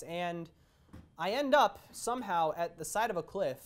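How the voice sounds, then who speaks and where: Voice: mid-range voice, lively intonation, measured pace. A young adult co-host telling a story in a casual chat, meandering and stop-start, with frequent hesitations.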